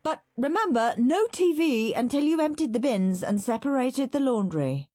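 A woman's voice: sits high, expressive, moderate pace, mellow, no echo, studio quality, voice pushed up. Woman doing a firm, nagging mum. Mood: stern. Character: stern tidy-minded mother.

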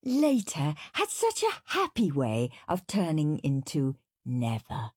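Expressive woman reading a children's story. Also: deep voice, takes it slowly, breathy edge, dry recording, clean studio sound. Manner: expressive, playful.

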